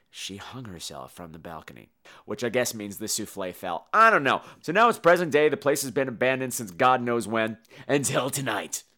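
A man hosting a horror podcast, telling stories in a campy, animated, joking way. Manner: animated, campy, bursts into shrill imitations. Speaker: podcast host. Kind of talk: casual comedic horror movie chat.

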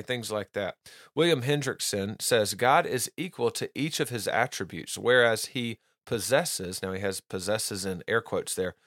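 A man's voice: lowish voice, a bit bright, no echo, clean studio sound. A man hosting a podcast, teaching doctrine in an earnest, casual monologue, often restarting and repeating words and reading quotes aloud.

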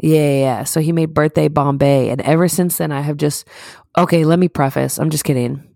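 A woman's voice: low voice, steady tone, fairly quick, creaky, a little mellow, no echo, clean studio sound. A young woman co-hosting a podcast, telling rambling stories in casual chat with lots of laughs and restarts. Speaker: podcast co-host.

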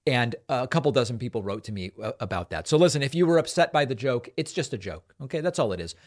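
A man hosts a political talk show with a mid-range voice. He talks in a lively, conversational way, stopping and restarting his sentences as he goes. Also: medium pitch, fast talker. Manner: animated, conversational, with frequent restarts. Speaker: host.

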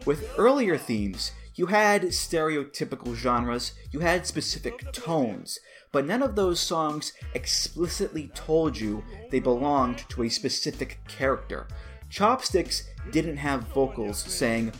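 Animated man hosting a commentary video. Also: a little high, slow, faint music behind. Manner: animated, playful, wry asides. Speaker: host.

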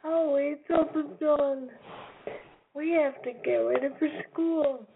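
A woman's voice: high-pitched, slow pace, vocal fry, heavily acted. A woman voicing an eager young boy in a storybook. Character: lively young boy who leads his friends. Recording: tinny phone-like recording with noise.

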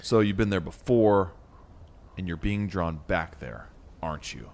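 A man reading the lines of a young male traveler who speaks quietly and sternly. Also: low-pitched, a little slow.

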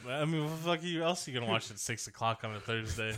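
A man in his twenties co-hosts a podcast, chatting casually with a medium-pitched, animated voice that moves at a quick pace and has a fairly bright tone. He laughs, jokes around, and puts on voices when quoting people.

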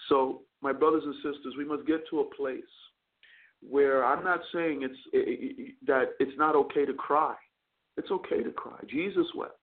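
A man's voice: medium pitch, fairly even intonation, moderate pace. A male chaplain hosting a call-in radio show, preaching earnestly and often stammering over repeated words. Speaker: chaplain and talk radio host. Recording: narrow phone-line broadcast sound.

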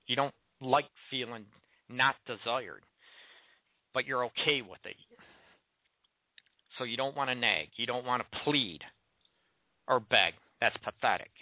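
Frank talk fills this call-in relationship advice monologue, where the host, a man of medium pitch, poses blunt rhetorical questions to his audience. The recording has no echo and a dry, tinny, phone-like quality.

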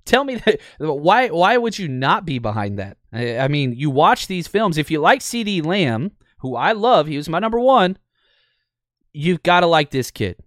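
A man casually breaking down football game film as a video host, animated and opinionated, laughing often. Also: a little high, normal speed, dry recording, studio quality.

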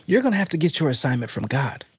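A man hosting a faith podcast, preaching in an emphatic, animated, conversational way. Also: on the high side, fast talker, slightly rough, no room sound, clean studio sound. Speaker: podcast host.

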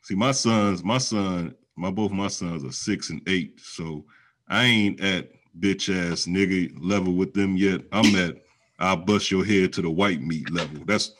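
A man in his thirties co-hosting a podcast, blunt and casual, asking questions in halting bits. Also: low voice, a bit bright. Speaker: podcast co-host. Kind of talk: casual chat.

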